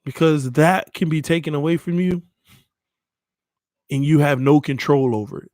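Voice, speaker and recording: A man's voice: on the high side, normal speed, darkish tone, dry recording, clean studio sound. A man hosting a sports channel, giving an earnest, emotional motivational talk to his viewers, often repeating phrases and calling them "man" and "y'all", shaken after hours of crying.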